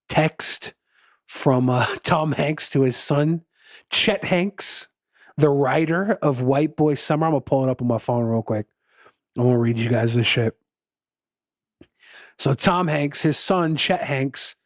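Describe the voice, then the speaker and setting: A man's voice: mid-range voice, dry recording, clean studio sound. A male musician chatting casually with his livestream viewers, rambling, laughing often and swearing freely.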